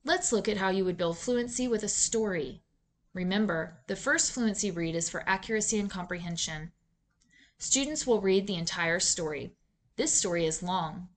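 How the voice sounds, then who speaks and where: A woman narrating a reading lesson in a clear, measured teacher's voice, posing questions to students. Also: mid-range voice, expressive. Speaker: reading instructor. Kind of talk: scripted instructional narration.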